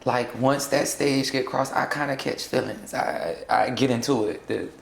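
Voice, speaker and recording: A young trans woman from South Florida speaking in a candid sit-down interview, blunt and sassy and quick to laugh. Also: very deep voice, creaky, echoey room, slight background noise. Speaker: interview guest.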